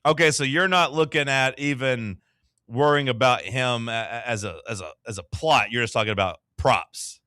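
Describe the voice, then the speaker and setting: A man's voice: medium pitch, normal speed, bright, forceful tone, dry recording, clean studio sound. A man hosting a casual sports talk show, loose and chatty with lots of filler words.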